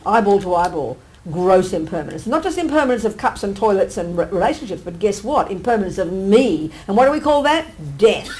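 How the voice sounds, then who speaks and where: Nun, dharma teacher: blunt, punchy, colloquial, peppers talk with rhetorical questions, mid-pitched woman. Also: darkish tone, rough recording. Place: meditation centre teaching hall.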